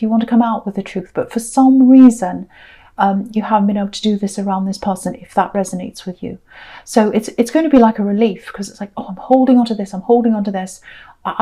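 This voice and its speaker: Soft-spoken woman with mellow tone. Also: fairly high pitch. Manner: soft, rambling, repeats phrases. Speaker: tarot reader. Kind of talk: tarot reading monologue.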